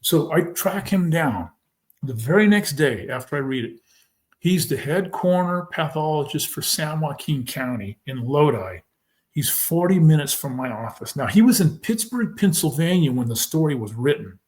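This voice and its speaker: A man telling his own story as a podcast guest, emphatic and animated, acting out what others said. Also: fairly high pitch, moderate pace. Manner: animated, retells scenes by quoting people; emphatic, fervent. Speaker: podcast guest, former football player. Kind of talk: personal storytelling in a conversation.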